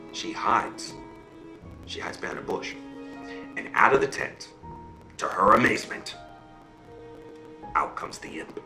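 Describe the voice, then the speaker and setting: A medium-pitched male voice tells a fairy tale aloud in an animated way, checking in with listeners through "okay?" and "right?" The audio is poor, with an echoey room.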